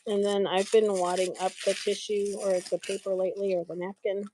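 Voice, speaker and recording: A woman's voice: mid-range voice, level tone, a little fast, dark tone, a little hiss or hum. A middle-aged woman chatting on a craft live stream, telling stories and laughing often while she works.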